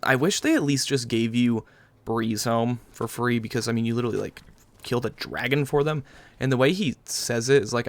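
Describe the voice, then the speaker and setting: A man narrates his own gameplay in loose, running commentary. He is chatty and sarcastic, drifting between asides and jokes as he goes. His voice sits in an ordinary middle pitch. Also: brisk, no echo. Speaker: gaming channel host. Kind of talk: casual let's-play commentary.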